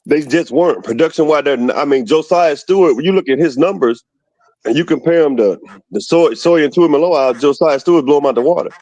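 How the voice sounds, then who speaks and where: A man's voice: a little high, a little fast, no room sound. Guy from alabama calling in, arguing hard, dry muffled call line. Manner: animated, argumentative about team stats. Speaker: caller. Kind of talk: casual call-in chat.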